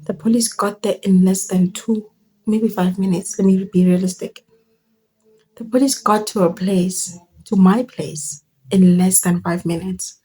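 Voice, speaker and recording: Brief: young woman, storytime vlog, animated and slangy, mellow husky voice. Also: mid-range voice, unhurried. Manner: animated, exclaiming, slangy with local words mixed in. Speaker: vlogger telling a story.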